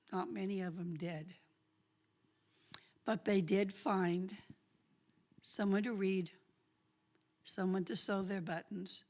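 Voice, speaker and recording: A woman telling a lively story at a church talk, chatty and laughing often. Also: mid-range voice. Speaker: guest speaker.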